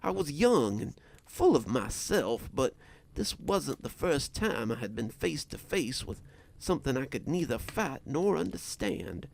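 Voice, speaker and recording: A man narrating a scripted horror story in a slow, deliberate storytelling manner. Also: medium pitch, very animated, creaky.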